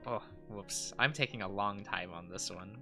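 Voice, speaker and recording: A man's voice: on the low side, moderate pace, creaky, sharp tone, faint music behind. A man chatting casually on a live drawing stream, rambling with lots of fillers and frequent giggles.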